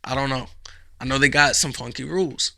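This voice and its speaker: A man's voice: medium pitch, fairly even intonation, a little fast, gravelly, bright, forceful tone, dry recording, studio quality. A man hosting a casual podcast, rambling and swearing, with lots of fillers and restarts. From United States. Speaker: podcast host.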